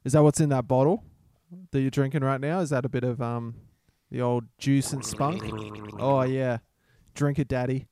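Mellow man trading deadpan quips. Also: mid-range voice, normal speed, clean tone. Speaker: podcast co-host. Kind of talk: crude casual banter. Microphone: remote call mic.

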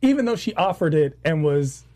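A man's voice: on the high side, very animated, moderate pace, dark tone. A man hosting a casual podcast chat, playful and joking as he steers the discussion.

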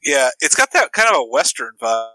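A man's voice: mid-range voice, sing-song, fairly quick, bright, forceful tone, no echo, poor audio. A man co-hosting a podcast, giving loose, opinionated takes on a movie and swearing casually. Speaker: podcast co-host.

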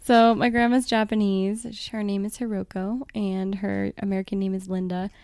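A woman's voice: medium pitch, flat delivery, normal speed, a little mellow, dry recording, clean studio sound. A woman, a podcast guest, talking in an earnest, reflective way and laughing often. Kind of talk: reflective casual chat.

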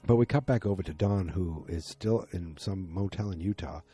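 Mellow low-voiced man recapping casually. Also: moderate pace, slightly rough, soft background music. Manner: rambling, filler-heavy, emotionally invested. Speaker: TV episode recapper.

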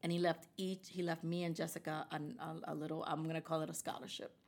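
A woman with a fairly low voice tells a personal story in a relaxed interview. She talks animatedly and slips into the voices of the people she quotes. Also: quick pace, a little hiss or hum. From United States. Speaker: guest. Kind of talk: conversational storytelling.

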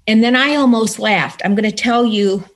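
Woman guest, somewhat high-pitched, earnest and animated as she tells her story. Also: moderate pace. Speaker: interview guest. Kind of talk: personal story told in conversation.

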